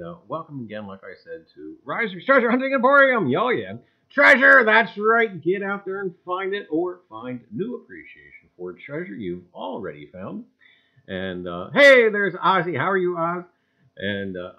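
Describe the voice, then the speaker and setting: A man hosting a casual livestream, greeting viewers one by one with exuberant shouts and leaning on catchphrases like "gang" and "I tell you.". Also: dull audio. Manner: exuberant, greets chatters one by one with sudden loud jumps in pitch. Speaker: livestream host.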